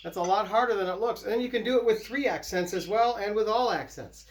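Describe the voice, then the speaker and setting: This very noisy clip has a drum teacher speaking at medium pitch and a brisk clip, counting patterns in a relaxed instructional demo. Loud snare drumming plays behind him.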